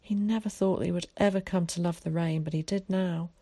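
A low-voiced female audiobook narrator delivers scripted narration of a story with calm, measured pacing. It's a close, dry recording with no room sound.

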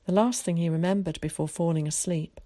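A woman reading a novel aloud in calm, measured storytelling narration. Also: on the low side, no room sound. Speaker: audiobook narrator. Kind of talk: scripted narration.

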